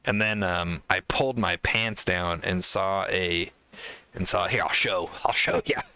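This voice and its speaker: Male podcast host, rambling storyteller, bright clear voice, low-ish. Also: measured pace. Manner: rambling, full of fillers and acted-out quotes. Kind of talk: casual storytelling chat.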